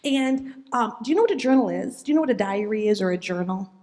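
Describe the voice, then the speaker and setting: A woman giving a children's sermon in a church, speaking gently and asking the kids questions as she tells the story. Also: mid-range voice, animated, fast. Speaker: children's message leader.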